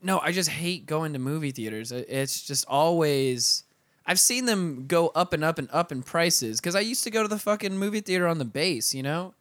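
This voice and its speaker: A man's voice: a little high, expressive, moderate pace, fairly bright tone, no echo. A man co-hosting a podcast, chatting casually and teasing the others with sweary jokes. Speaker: podcast co-host. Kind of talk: casual chat.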